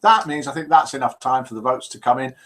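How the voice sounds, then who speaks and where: A man's voice: medium pitch, quick pace, fairly bright tone. A man over fifty hosting a live call-in show, joking and reading out viewers' messages. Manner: jokey, reads out viewer messages. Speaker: host.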